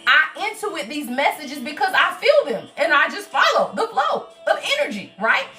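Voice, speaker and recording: A high-pitched woman with a bright, sharp tone, talking animatedly through a livestream tarot reading. She preaches to her viewers and keeps asking "right?" Her voice sounds a little far from the mic, with faint music underneath. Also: moderate pace. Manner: animated and preachy, with many repeated "right?" and "y'all" asides. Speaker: tarot reader and spiritual advisor.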